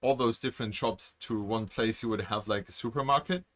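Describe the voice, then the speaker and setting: A man co-hosting a casual video-call chat, relaxed and thoughtful with many fillers. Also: medium pitch, brisk. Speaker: podcast co-host.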